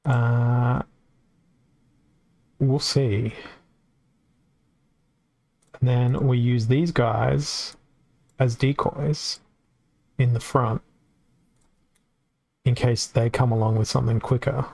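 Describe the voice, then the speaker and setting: A man's voice: medium pitch, steady tone, extremely slow, gravelly, long pauses, darkish tone. A man with an Australian accent giving casual live-stream commentary on a card game, chatty and reacting aloud as it plays out.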